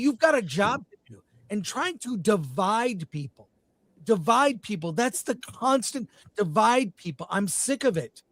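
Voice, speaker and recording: High-voiced animated male host. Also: dry recording. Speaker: show host. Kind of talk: casual panel chat.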